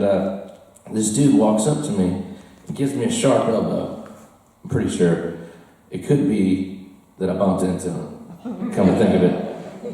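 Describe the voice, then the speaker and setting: A man's voice: sits low, warm tone. An American man telling a rambling, self-deprecating story to a live audience in a bar, often laughing at his own tale. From United States. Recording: roomy echo, from far off.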